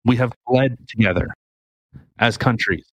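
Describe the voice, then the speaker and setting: Dude on a podcast explaining the news, middle voice, dry close mic. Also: male voice, medium pitch, measured pace, husky, dry recording. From Canada. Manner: explanatory, opinionated, talks through news articles. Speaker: podcast co-host. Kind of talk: casual podcast chat.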